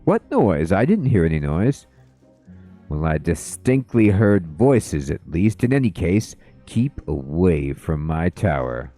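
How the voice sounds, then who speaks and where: Dude voicing a haughty rude princess, snippy, dark low tone. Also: male voice, sing-song, slow, soft background music, exaggerated voice. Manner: snooty, curt.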